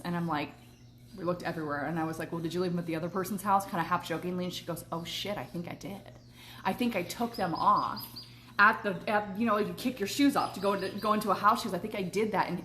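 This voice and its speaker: Animated, swearing woman telling a story. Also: on the low side, a little hiss or hum. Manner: animated, laughing, swears freely; eating while talking. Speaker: manifestation coach and vlogger. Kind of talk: casual storytelling livestream.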